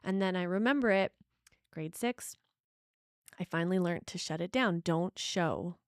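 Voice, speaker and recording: A middle-aged woman co-hosting a casual relationship talk, speaking in an animated, emphatic way and laughing often. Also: on the low side, a little slow, no room sound, studio quality. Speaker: podcast co-host.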